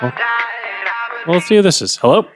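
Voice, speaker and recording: Bewildered podcast co-host, lively voice. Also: male voice, on the high side, loud music behind the voice. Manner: bewildered, questioning, quick asides. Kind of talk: comedy bit, playing the straight man.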